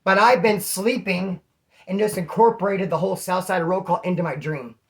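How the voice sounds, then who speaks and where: A man from California with a slightly hoarse voice, casually telling rambling stories to his channel's viewers. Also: high-pitched, moderate pace. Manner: slangy, rambling, calls listeners homeboy. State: throat issue, slightly hoarse. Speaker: vlogger. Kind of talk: casual storytelling to camera.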